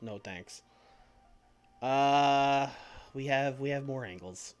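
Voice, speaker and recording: A man's voice: medium pitch, takes it slowly, clear, resonant tone, highs cut off, soft background music. A young adult man streaming, chatting playfully about a wrestling booking game. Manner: playful, storytelling. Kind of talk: casual game commentary.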